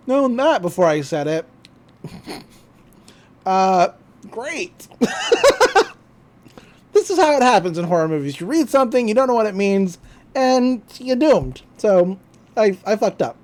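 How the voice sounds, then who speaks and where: Podcast host: animated, laughing storyteller, lively pitch. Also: slow pace, long pauses. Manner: animated storytelling, laughs often, slips into character voices. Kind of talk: casual episode recap.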